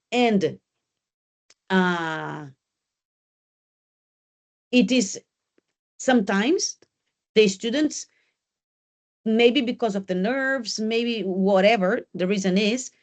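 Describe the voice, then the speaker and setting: Woman English teacher in a classroom; direct, coaching delivery that drills key points. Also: medium pitch. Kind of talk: exam preparation class.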